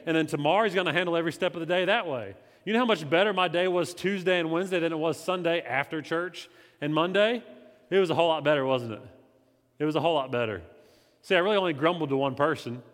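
A man, not the pastor, teaching his church in a conversational, animated way, swinging between loud emphasis and quiet confession. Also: a little high, brisk. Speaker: lay preacher. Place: church sanctuary. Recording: reverberant hall.

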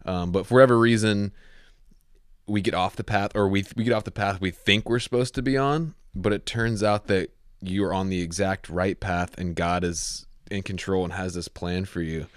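An American man hosting a podcast, asking relaxed, rambling questions with many fillers. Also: sits low, normal speed, smooth, no echo, clean studio sound. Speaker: podcast host. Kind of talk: casual interview chat.

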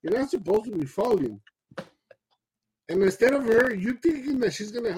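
Very raspy man. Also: high-pitched, animated, moderate pace, darkish tone, poor audio. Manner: blunt, swears a lot, mixes in Spanish slang. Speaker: podcast co-host. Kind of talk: casual chat.

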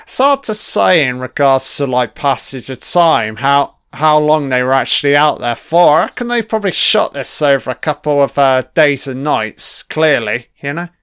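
A British man giving a casual commentary on a film. He reacts out loud and swears often as he rambles. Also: medium pitch, expressive, moderate pace, few pauses, smooth, no room sound, clean studio sound. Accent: British English.

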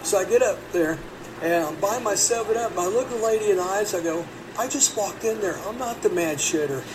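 A man's voice: high-pitched, a little fast. Profane rambling man telling a story. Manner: rambling, profane, animated when quoting. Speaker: podcast host. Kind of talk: casual storytelling. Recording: distant mic with background noise.

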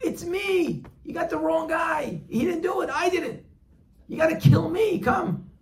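A man voicing a desperate grown man who shouts a false confession in frantic, pleading bursts. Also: extremely high pitch, expressive, measured pace, recorded from a distance, voice pushed up, exaggerated voice. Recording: echoey room, faint background noise.

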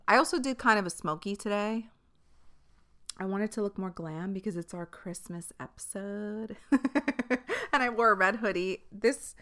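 A woman's voice: mid-range voice, bright, forceful tone. A woman hosting her own podcast in casual solo chat, talking into a podcast microphone, swearing freely and laughing often. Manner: chatty, profane, laughs often. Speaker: podcast host. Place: filming herself on camera.

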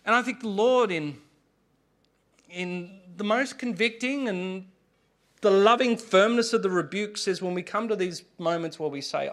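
A man with an Australian accent, preaching a sermon as pastor, with humor and dramatic pauses. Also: high voice, a bit bright.

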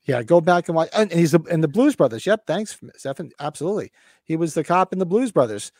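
A man's voice: on the high side, expressive, fast, a little mellow, dry recording. A man in his fifties hosting a casual podcast, talking with rambling enthusiasm and swearing freely. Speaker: podcast host.

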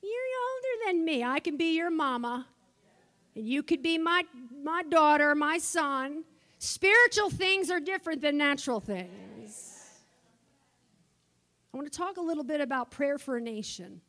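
A woman preaching a sermon, passionate at times and soft in her asides. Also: sits high, a little slow. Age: older. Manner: impassioned, swings from shouting to soft asides.

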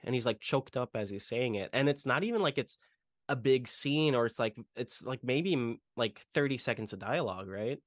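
A man's voice: medium pitch, expressive, moderate pace, no room sound, studio quality. A man casually retelling film scenes on a podcast, rambling with lots of fillers. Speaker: podcast host. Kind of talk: casual movie podcast chat.

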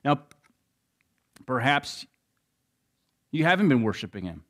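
A man's voice: mid-range voice, sing-song, slow pace. Man preaching a storytelling sermon. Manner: storytelling, swings between loud and hushed. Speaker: pastor.

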